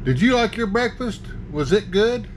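A man's voice: sits high, expressive, moderate pace, a little hiss or hum. A man talking to his little son at home, doting and coaxing in a folksy way. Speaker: vlogger, father. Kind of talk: casual family vlog.

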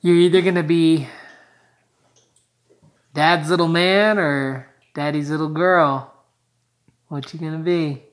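Jokey young dad chatting at home. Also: male voice, a little high, fairly even intonation, slow pace, pauses often. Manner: jokey, teasing, talks playfully to the unborn baby. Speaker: husband and father, vlog co-host. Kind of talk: casual home vlog chat. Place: family home.

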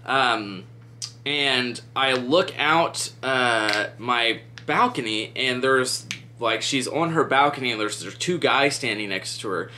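A man's voice: mid-range voice, takes it slowly, sharp tone, a little hiss or hum. A man casually chatting through a true crime story while doing his makeup, rambling with lots of "like" and "um". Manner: rambling, heavy use of "like" and "um".

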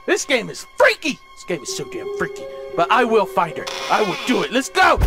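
A man's voice: high voice, huge pitch swings, a little fast, few pauses, over music. A man commentating a horror game, panicky and joking, yelping and screaming when scared. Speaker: let's play gamer.

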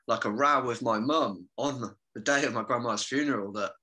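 A young man talking as a podcast guest, with a bright, forward voice and pitch sitting in the middle. He speaks loosely and casually, peppering his sentences with "mate" and "man". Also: brisk. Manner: informal, calls the listener mate constantly. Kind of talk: casual conversation.

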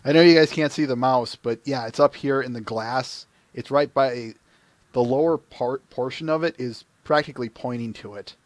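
A man hosting a podcast in an easygoing, soft-spoken way, keeping his replies brief. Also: medium pitch, normal speed, dry recording. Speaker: podcast host.

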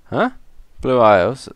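A man's voice: medium pitch, no room sound. A young man commenting on a horror game he is playing. He jokes, swears and yelps when he gets scared. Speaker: gamer. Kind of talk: let's play commentary.

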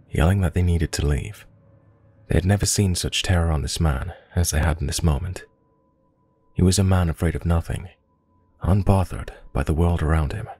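A man reading a true scary story aloud as a scripted horror narration, slow and measured. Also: low-pitched, a little mellow, slightly rough.

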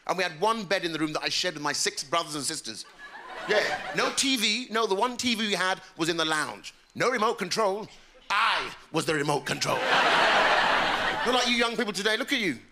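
A man doing an animated stand-up comedy routine on a theatre stage. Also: fairly quick, noisy background. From England. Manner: animated, jumps into high voices for characters. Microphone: stage mic. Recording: live theatre with loud crowd. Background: loud laughing audience.

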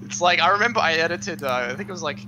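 A man commentating a speedrun race over voice chat, bantering quickly and laughing often. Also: fairly high pitch. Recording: steady hum under the voice chat.

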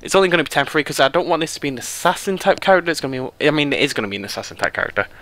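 A man's voice: a little high, very fast. A British man casually commentating his gameplay, rambling and joking at his own expense. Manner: rambling, self-mocking, easily excited. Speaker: let's play host.

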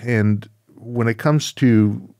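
A man hosting a podcast interview, reflecting in a measured way and thinking aloud. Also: mid-range voice, dark tone, dry recording, clean studio sound. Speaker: podcast host. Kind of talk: conversational interview.

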